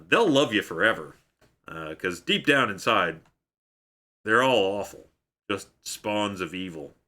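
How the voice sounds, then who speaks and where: A man playing a snarky male antihero mercenary with gleefully cruel, deadpan jokey advice, in a comic in-character streaming style. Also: fairly low pitch, exaggerated voice.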